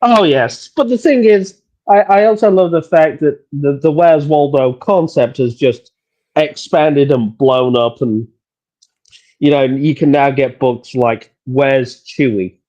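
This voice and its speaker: A man co-hosting a casual podcast chat, animated and full of stumbling restarts. His voice sits a bit high and mellow. The audio is dull and lo-fi. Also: takes it slowly. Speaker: podcast co-host.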